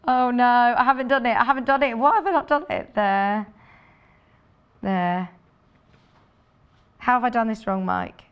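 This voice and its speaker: A woman's voice: on the high side, measured pace, long pauses, clean tone, lo-fi sound. Chatty woman demonstrating sewing products. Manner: chatty and enthusiastic, thinking aloud while demonstrating. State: out of breath. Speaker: shopping channel presenter. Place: TV studio.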